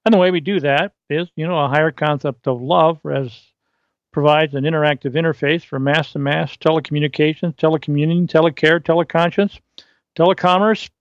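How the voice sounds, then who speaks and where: A man hosting a solo podcast, reading from his articles and riffing off script in a rambling, halting way with many fillers and restarts. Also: on the high side, fairly even intonation, no room sound, lo-fi sound. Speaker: podcast host.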